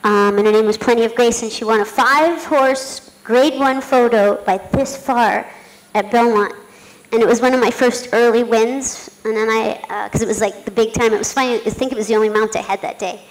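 A middle-aged woman, a jockey, telling a story on a conference panel, talking fast with frequent laughs and fillers. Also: on the high side, fairly even intonation, rough recording. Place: conference hall.

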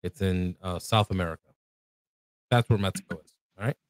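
A man's voice: deep voice, fairly quick, no room sound. A man from Puerto Rico with a Puerto Rican accent, co-hosting a livestream, chatting and joking as he answers the chat. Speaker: co-host. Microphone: desk mic.

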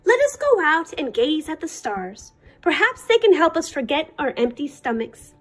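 A woman reading the part of a kindly, wise old father who talks in gentle proverbs. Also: high-pitched, very animated, moderate pace. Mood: sage. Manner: sage, warm proverbs.

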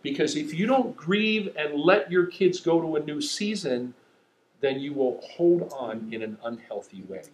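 A middle-aged man preaching a sermon, telling stories in an animated, self-mocking way. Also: a little high, measured pace, echoey room, slight background noise, rough recording. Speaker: pastor.

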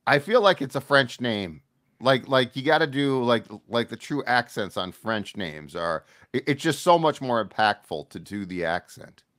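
A man's voice: medium pitch, normal speed. A man appearing as a sports writer guest, talking casually and trading jokes with the host. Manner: lively, joking banter.

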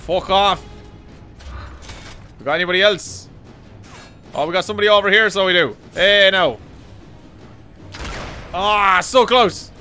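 A bright, high-voiced Irish man commentating his gameplay. He swings wildly in pitch, swears freely and yells at the enemies, though his talk between the action stays unhurried. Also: soft background music. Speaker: streamer.

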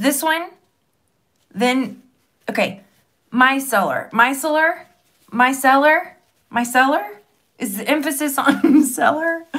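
A young beauty vlogger chats casually as she tries makeup products, giggling, rambling, and poking fun at herself. Her voice is high-pitched with a breathy edge, and she laughs often.

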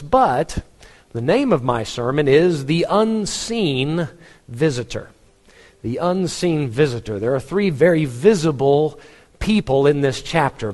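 A man's voice: fairly high pitch, darkish tone, long reverb tail. A man preaching a sermon as pastor, in a conversational way with dry humor. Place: church.

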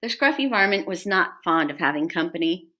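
A woman reading a storybook aloud to children as a teacher, pausing to ask her listeners questions. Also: lowish voice, lively intonation, sharp tone.

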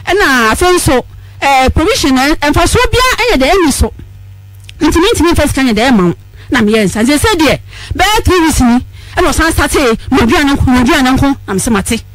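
A woman's voice: high-pitched, big pitch swings, normal speed, no room sound, rough recording. A Ghanaian woman calling in to a radio show, telling her story in a tearful, pleading way that rises into outbursts. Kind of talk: emotional phone-in testimony.

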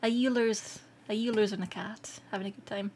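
A Scottish woman streaming live, chatting casually with viewers, excitable and quick to laugh. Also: medium pitch, a little hiss or hum. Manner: excitable and giggly, laughs often. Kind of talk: casual livestream chat.

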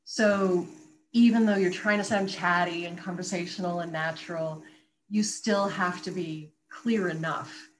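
Woman, voice coach, articulate, animated, explanatory, faint hum behind. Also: on the low side, a little slow, poor audio. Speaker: voice coach and radio guest. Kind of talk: conversational interview.

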